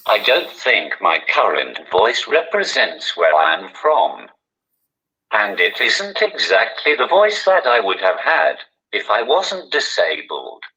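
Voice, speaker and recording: A man's voice: fairly low pitch, sharp tone, lo-fi sound. Posh synthetic voice of a man. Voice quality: synthesized text-to-speech voice, posh-sounding. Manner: measured, dry, prepared answers. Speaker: guest comedian. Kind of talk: speaking through a communication aid.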